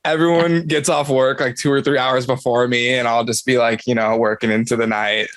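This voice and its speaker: A man's voice: medium pitch, flat delivery, fairly quick, fairly bright tone, no room sound. A man hosting a fan podcast, talking in an easygoing, rambling way with lots of restarts. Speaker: podcast host. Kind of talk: casual pop-culture review chat.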